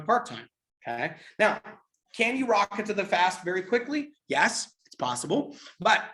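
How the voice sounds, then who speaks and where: A man leading a live business training, telling an animated story and checking in with listeners. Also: on the high side. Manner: animated storytelling, keeps asking "right?". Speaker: network marketing trainer.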